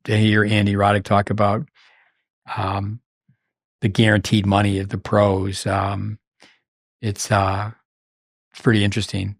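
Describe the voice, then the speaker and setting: A man's voice: fairly low pitch, no room sound, clean studio sound. A man hosting a tennis podcast in casual chat, rambling along with frequent restarts. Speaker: podcast host.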